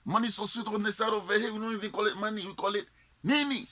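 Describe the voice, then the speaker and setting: A man with a Haitian Creole accent tells a comic story in a bright, slightly high voice. He talks playfully, sliding between Creole and English. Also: fairly even intonation, fast talker. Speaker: comedian. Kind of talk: comic monologue.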